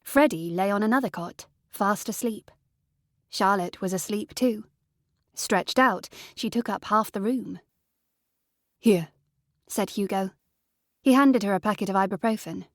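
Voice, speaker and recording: A woman reads an audiobook in even, measured narration. Her pitch sits in the middle range, and the recording is dry and close, with no room sound. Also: no echo. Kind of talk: scripted narration.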